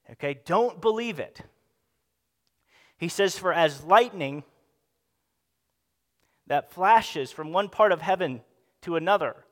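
High-voiced pastor preaching in a hall. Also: male voice. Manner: animated, acts out the quoted speech. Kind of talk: sermon.

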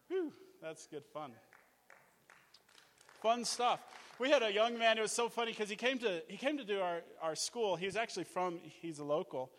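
A man from Australia preaching a sermon, energetic and jokey, telling stories and acting out what people said. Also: high-pitched, moderate pace, big-room sound. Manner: energetic, animated, jokey, acts out quotes. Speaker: guest preacher, mission leader. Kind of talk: sermon with storytelling. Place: church.

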